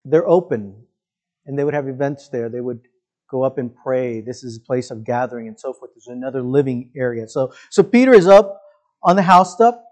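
A man's voice: on the high side, a little mellow. A male pastor preaching a sermon in a conversational way, often putting questions to his congregation.

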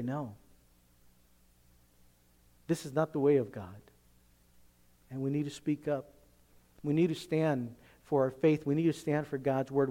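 This pastor's voice runs a little high as he preaches with emphasis, moving from loud, forceful declarations down to hushed lines.

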